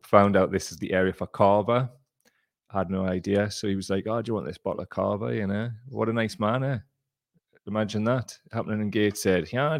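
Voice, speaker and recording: A man's voice: deep voice, no room sound, studio quality. Rambling man hosting a stream. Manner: rambling, jokey, chatty. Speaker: show host. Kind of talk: casual live-stream chat. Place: temporary cellar room.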